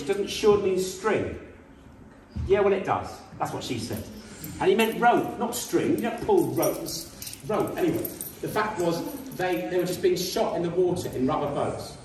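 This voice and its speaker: A man tells a history story to a school group, chatty and full of ums, turning indignant at injustices. His voice sounds slightly high for a man. It echoes heavily around a hall and comes from a distance, with faint noise underneath. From Britain. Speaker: guest speaker. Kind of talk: informal history talk with slides.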